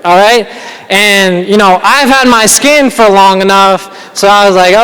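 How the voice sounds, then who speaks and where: A man's voice: sits high, measured pace, bright, forceful tone, clear, resonant tone. A man from the United States doing a stand-up comedy set, rambling and self-deprecating, often laughing at his own jokes. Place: large banquet hall. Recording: reverberant hall.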